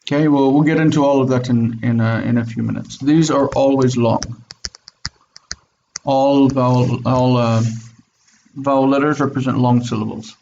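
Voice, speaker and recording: A man's voice: mid-range voice, steady tone, moderate pace, gravelly, mellow, lo-fi sound, slight background noise. A man teaching Biblical Hebrew in an online class, explaining step by step and checking in with his students. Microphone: video call.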